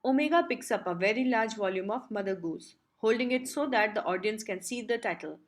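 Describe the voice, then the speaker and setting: A woman reading the stage directions of a play as an audiobook narrator, clear and even. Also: medium pitch, fairly quick.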